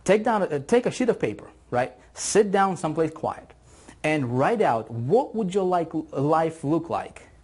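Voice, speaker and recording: An upbeat man leads a motivational video lesson on online marketing. His voice is a little husky and sits fairly high for a man. He talks with energy and hammers points home by repeating them. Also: unhurried. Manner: energetic, enthusiastic, repeats phrases for emphasis. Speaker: online marketing course instructor.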